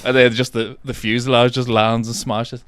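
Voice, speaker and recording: A man's voice: mid-range voice, level tone, moderate pace, fairly bright tone, clean tone. A man co-hosting a casual podcast chat, rambling and trailing off as he recalls scenes and swears freely. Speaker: podcast co-host.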